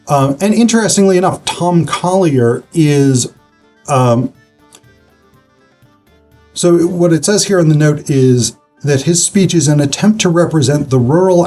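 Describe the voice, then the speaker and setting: A man's voice: mid-range voice, warm tone, slightly rough. A man giving a casual online literature lecture, talking conversationally with frequent fillers and restarts.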